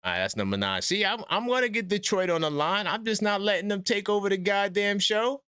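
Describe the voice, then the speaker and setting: A man's voice: high-pitched, lively intonation, brisk, pushed and bright, smooth, no room sound, clean studio sound. Trash-talking male call-in show host. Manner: trash-talking, laughing, street slang. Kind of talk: casual sports call-in banter.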